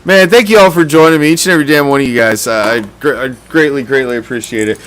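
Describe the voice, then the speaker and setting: A man's voice: medium pitch, fast, a bit bright, a little hiss or hum. A man hosting a fan sports show, ranting in a heated, sarcastic and profane way, with loose stumbling restarts. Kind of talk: casual ranting commentary.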